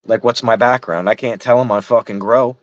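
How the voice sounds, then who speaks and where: Frustrated middle-aged guy cussing a lot, kinda low voice, dry muffled audio. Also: fairly even intonation, brisk, dry recording. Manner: frustrated, heavy swearing, rambling. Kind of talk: casual chat. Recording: dull lo-fi sound.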